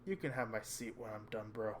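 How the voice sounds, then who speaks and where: A man's voice: fairly low pitch, fairly quick, slight background noise, natural voice. A man doing a cheeky teasing student guy. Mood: playful. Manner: cheeky, joking. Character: teasing young male student, playful prankster.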